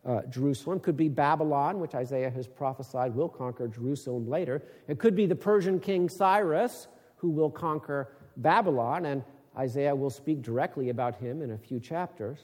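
A man's voice: mid-range voice, normal speed, hardly any pauses, a little mellow, in a large hall. A man teaching from the Bible in sermon style. He reads scripture aloud, then explains it with rising, emphatic questions. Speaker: preacher.

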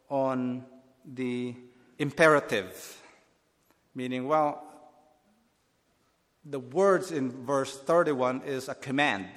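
A man's voice: medium pitch, fairly bright tone, long reverb tail. A man preaching a Bible teaching sermon, earnest and explanatory, often restarting his phrases.

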